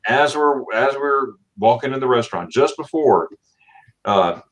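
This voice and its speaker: A middle-aged man from Florida chatting on a livestream. He tells stories with plenty of energy, putting on voices for quotes and laughing often. His voice sits in an ordinary middle pitch. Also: a little slow. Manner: animated storyteller, acts out quotes with laughs. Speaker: livestream host. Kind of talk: casual livestream chat.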